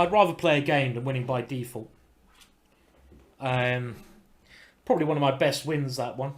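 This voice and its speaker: Male streamer, relaxed chess commentary with a slightly raised pitch, rambling restarts and sudden bursts of excitement. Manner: chatty, thinking aloud with restarts; bursts into excited exclamations at good moves.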